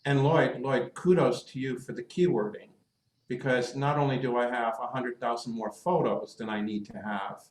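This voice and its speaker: A talkative man hosts a club video call and lays out his ideas with plenty of examples. His voice sits at a middle pitch. It is picked up by a computer mic in an echoey room. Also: steady tone, normal speed. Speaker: meeting host. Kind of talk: casual Zoom meeting chat.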